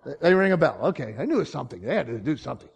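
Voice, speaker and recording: A man preaching a sermon, telling stories with lively swings from quiet asides to loud punchlines, chuckling often. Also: fairly high pitch, racing, creaky, breathy edge. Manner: storytelling with dramatic swings in loudness, from quiet asides to shouted punchlines. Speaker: pastor.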